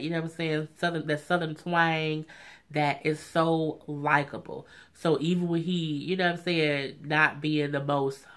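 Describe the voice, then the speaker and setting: A vlogger recaps a reality show in a laid-back, opinionated chat, frequently saying "you know what I'm saying." Quotes get acted out in a high, mocking voice.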